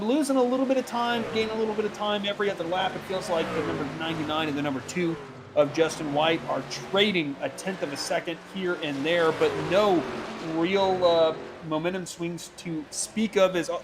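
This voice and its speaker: A man doing play-by-play commentary for a sim racing broadcast, chatty and quick, laughing easily between calls. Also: high-pitched, noisy background.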